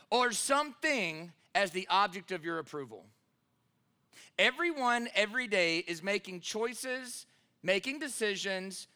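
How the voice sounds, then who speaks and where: A man in his thirties preaching a sermon as pastor, telling a story in a relaxed way with many fillers and then pressing his point with emphasis. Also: high voice.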